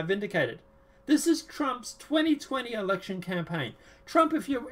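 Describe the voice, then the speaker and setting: A man hosting a casual political chat show, talking in a rambling, sarcastic, emphatic way. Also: high-pitched. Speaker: show host.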